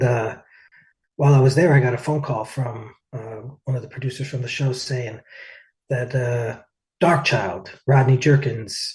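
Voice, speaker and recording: Chatty man telling stories, middle pitch. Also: darkish tone, low-quality recording. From United States. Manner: rambling, lots of "like" and "uh". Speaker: interview guest, singer. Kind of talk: casual storytelling.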